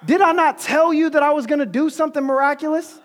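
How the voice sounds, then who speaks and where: A man's voice: extremely high pitch, quick pace, pitched above the performer's own voice. A man voicing a bold, commanding teacher who speaks in casual slang. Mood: urgent. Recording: long hall reverb.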